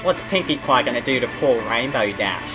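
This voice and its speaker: A man's voice: mid-range voice, animated, brisk, music in the background, poor audio. An Australian man hosting a reaction video, groaning and exclaiming in outrage at what he watches. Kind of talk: casual reaction commentary.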